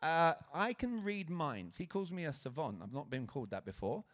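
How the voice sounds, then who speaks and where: A man from Britain giving a lively stage talk at a conference, engaging the audience with questions. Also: a little high, moderate pace. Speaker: conference speaker. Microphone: handheld stage mic.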